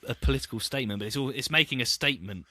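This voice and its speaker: Man, leicester accent, very bright and crisp tone, dry close sound, chatty and rambling. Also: mid-range voice, very fast, dry recording. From Leicester area, England. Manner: chatty, meandering, trails off into asides. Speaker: podcast co-host. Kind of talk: casual chat.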